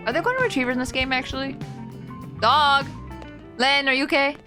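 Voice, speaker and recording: A young woman streaming a video game, chatting casually with her viewers, excitable and giggly as she reacts to what happens on screen. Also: sits high, a little fast, faint music behind. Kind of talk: casual gameplay commentary.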